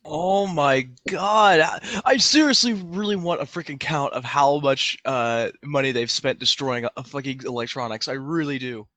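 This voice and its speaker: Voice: mid-range voice, normal speed, a bit bright. A person reacting in casual chat with exclamations, swearing, and laughter.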